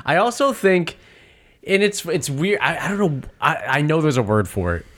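A man's voice: on the high side, very animated, normal speed, a bit bright. Laid-back man chatting on a podcast. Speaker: podcast host. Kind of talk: casual chat.

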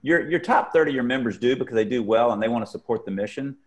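Male podcast co-host, mid-pitched, emphatic and conversational. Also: fast talker. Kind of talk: casual podcast chat.

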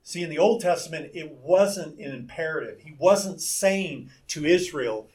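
A man's voice: on the high side, measured pace, a little mellow, distant mic. A man teaching a Bible lesson, explaining words by asking rhetorical questions.

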